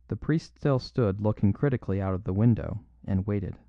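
A man narrating a classic story in a measured, low-key way. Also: no room sound. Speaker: audiobook narrator. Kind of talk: scripted narration. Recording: dull lo-fi dry recording.

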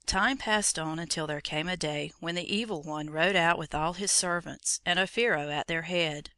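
Measured storybook reader, crisp bright tone, close dry recording. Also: mid-range voice, no echo. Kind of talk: storybook narration.

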